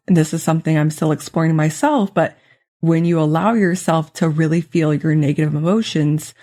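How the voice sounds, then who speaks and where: A woman life coach hosting a solo podcast, speaking in a gentle, earnest, reassuring way and slowing down on key phrases. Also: low voice. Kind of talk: solo podcast teaching talk.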